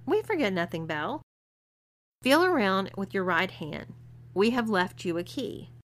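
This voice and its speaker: A woman's voice: medium pitch, expressive, measured pace, lightly acted. A woman voicing a cool, teasing young woman who gives orders. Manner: commanding, mocking.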